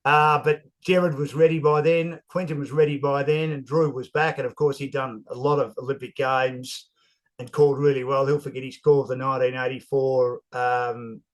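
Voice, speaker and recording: A middle-aged Australian sports broadcaster, telling rambling, animated anecdotes in a casual interview. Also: male voice, a little high, rough recording.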